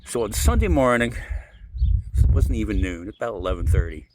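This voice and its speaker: Low-voiced man rambling through a story. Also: brisk, background noise. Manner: rambling, animated retelling with quoted dialogue. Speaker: podcast co-host. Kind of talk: casual storytelling.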